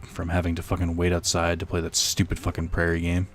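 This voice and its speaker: A man's voice: low voice, monotone, quick pace, soft background music. A young man giving casual let's-play commentary, rambling and joking with profane asides. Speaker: gaming streamer.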